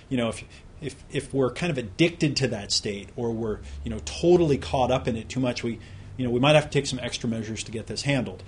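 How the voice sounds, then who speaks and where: Man, course instructor, slightly husky, chatty explainer who talks straight to the listener. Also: medium pitch. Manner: conversational, explaining with examples and direct questions to the listener. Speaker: self-help course instructor. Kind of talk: recorded productivity lesson.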